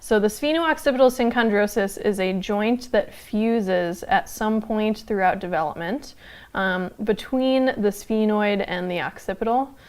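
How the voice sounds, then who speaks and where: A woman teaching a casual live online anthropology lecture, chatty and loose with frequent fillers and quick laughs. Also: medium pitch, clean tone. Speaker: anthropology instructor.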